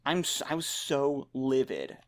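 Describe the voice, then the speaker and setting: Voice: mid-range voice, expressive, measured pace. A podcast co-host in casual discussion, swearing freely and acting out characters' lines and their own reactions.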